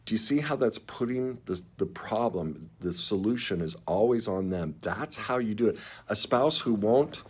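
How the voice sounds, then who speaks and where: Low-voiced man giving earnest relationship advice. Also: lively intonation, normal speed, breathy edge. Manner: earnest, emphatic, acts out clients in quotes. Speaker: relationship coach. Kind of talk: direct advice to camera.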